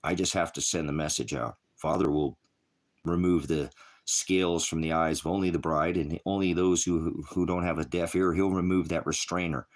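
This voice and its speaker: A middle-aged man, a pastor of an online ministry, giving a rambling, impassioned casual sermon. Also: deep voice. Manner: rambling and impassioned, mocks with put-on voices.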